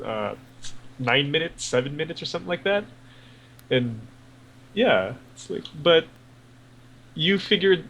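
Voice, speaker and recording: Gravelly-voiced man in casual gaming chat. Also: medium pitch, a bit bright, slight background noise, rough recording. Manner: rambling, profane, lots of fillers. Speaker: podcast co-host.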